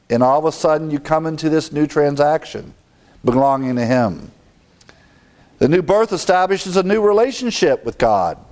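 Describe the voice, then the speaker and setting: Man preaching with lively, rising emphasis. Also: on the high side. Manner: explains Bible text verse by verse. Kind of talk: sermon teaching.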